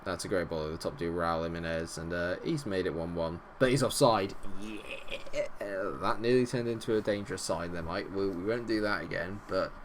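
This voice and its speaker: A man commentating on his own football management game, animated and bursting into shouts at goals, a little unwell. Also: deep voice, normal speed, a little hiss or hum. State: unwell, not feeling great. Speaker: gaming video host.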